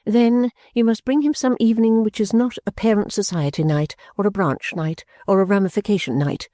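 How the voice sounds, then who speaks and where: A woman voicing a self-absorbed middle-aged mother who talks in a calm, clear, smoothly condescending tone, in an audiobook reading. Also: mid-range voice, a little fast, no room sound, clean studio sound, natural voice. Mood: serene, dismissive. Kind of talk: audiobook character voice.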